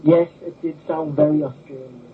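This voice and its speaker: A man's voice: a little high, fairly even intonation, normal speed, breathy edge. A man from the United Kingdom with a British accent, a podcast guest with a dry, understated delivery. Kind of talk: casual chat. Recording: tinny phone-like call audio.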